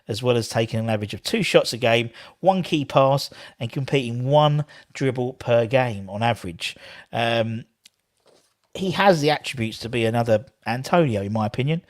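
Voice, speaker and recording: A man's voice: mid-range voice, no echo, clean studio sound. A man hosting a fan live stream, rambling casually and reading viewer comments aloud. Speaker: fan channel host.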